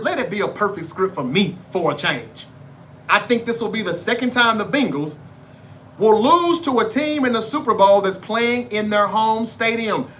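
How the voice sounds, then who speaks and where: A man's voice: sits high, a bit bright, a little hiss or hum. A man hosting a sports debate show, giving football predictions in a brash, profane, trash-talking monologue.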